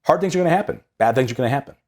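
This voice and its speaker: A young man hosts a casual reflection on scripture with a husky, slightly breathy voice. His pitch swings widely as he talks. He speaks with energy and conversational ease, and repeats words when he gets excited. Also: very fast. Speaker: host of a Sunday readings reflection.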